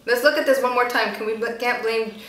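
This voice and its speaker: A woman's voice: a little high, fairly even intonation, fairly quick, fairly bright tone, slight background noise. A woman hosting a reaction video at home, chatting playfully and talking back at the screen. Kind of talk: casual reaction commentary. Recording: roomy echo, distant from mic, faint music.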